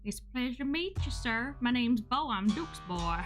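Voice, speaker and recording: A woman voicing a big, polite young farmhand in a put-on country accent, pitched up above her usual voice. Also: lively intonation, normal speed, music in the background, close to an everyday voice.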